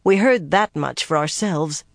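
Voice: medium pitch, lively intonation, measured pace, creaky. A narrator voicing a blunt woman with a dry, mocking edge to every line. Close, dry audiobook sound with no room echo.

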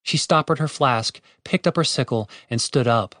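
A man narrating a fantasy audiobook chapter with expressive storytelling. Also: medium pitch, moderate pace, no room sound, clean studio sound. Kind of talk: scripted narration.

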